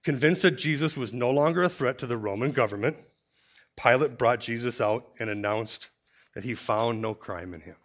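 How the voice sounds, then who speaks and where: A man leads a verse-by-verse Bible teaching in an even, explanatory way, often pausing to say "see" before a point. His voice sits at an ordinary middle pitch. The recording is dull and lo-fi.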